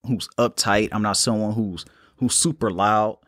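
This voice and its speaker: A young man hosting a solo podcast, talking in a calm, unhurried, reflective way. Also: fairly low pitch, no echo, studio quality. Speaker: podcast host. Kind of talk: casual solo podcast talk.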